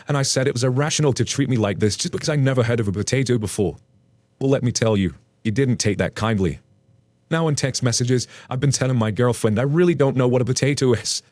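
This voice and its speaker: A man narrating a story aloud and then chatting casually about it, with an animated, playful storytelling manner. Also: medium pitch, no echo.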